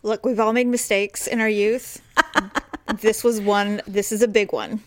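A woman co-hosting a comedy podcast, telling stories in a frank, animated way with frequent laughter. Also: mid-range voice, measured pace, dry recording. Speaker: podcast co-host. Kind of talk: casual comedic chat.

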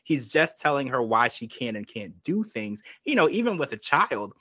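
Man, podcast host, casual opinionated recap, mid-pitched voice, dry close recording. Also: sing-song, sharp tone, breathy edge, dry recording. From United States. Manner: opinionated, chatty, quotes people in quick asides.

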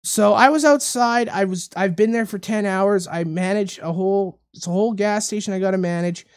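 A man hosting a casual talk show, telling a story in a rambling, animated way and repeating his words. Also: high-pitched, moderate pace, smooth. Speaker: radio show host. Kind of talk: casual podcast chat, storytelling.

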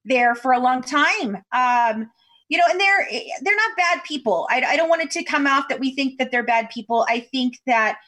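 A woman's voice: high-pitched, expressive, normal speed, bright, forceful tone. Chatty woman telling a story. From Kentucky. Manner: chatty storyteller with many fillers. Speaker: podcast guest. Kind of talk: casual interview chat over video call. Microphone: video call.

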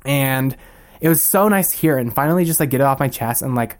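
A young man in his twenties, a podcast guest, telling a personal story in a casual, animated way and acting out the people he quotes. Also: mid-range voice, brisk.

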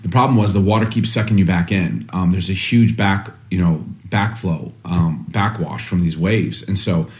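A man in his thirties telling a family story in casual chat, animated and expressive, sometimes mimicking his young son. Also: sits low, normal speed, hardly any pauses. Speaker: podcast co-host.

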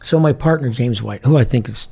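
Male ex-police commander, raspy voice, lively storyteller who acts out the dialogue. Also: medium pitch, fairly quick. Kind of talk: anecdotal interview storytelling.

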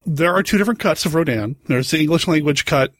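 Easygoing man, slightly high voice. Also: fast talker, a bit bright, dry recording, studio quality. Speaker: podcast co-host. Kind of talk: casual film discussion.

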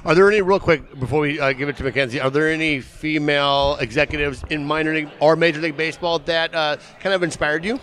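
A man from California who hosts the interviews and asks quick, friendly questions. His voice sits somewhat high for a man. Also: steady tone, a bit bright. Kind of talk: casual interview.

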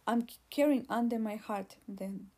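A woman's voice: fairly high pitch, moderate pace, warm tone. A woman voicing a pregnant young woman who pleads and argues in an audiobook reading. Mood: pleading. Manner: pleading, insistent.

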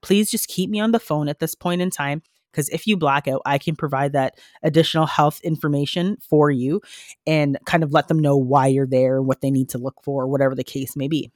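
A woman nurse on a podcast, telling a story in a lively way and acting out the lines of the people in it. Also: low voice, a little fast, dry recording, clean studio sound. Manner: animated storytelling, acting out quoted dialogue. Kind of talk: casual podcast conversation.

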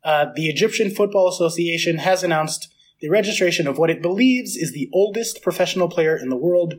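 A man hosting a casual podcast chat, chatty and laughing often, with a slight vocal fry. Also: on the high side, fairly quick. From United States. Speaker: podcast host.

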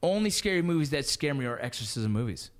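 A man in his thirties telling stories in casual podcast chat, animated and profane with lots of slang. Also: medium pitch, fast talker.

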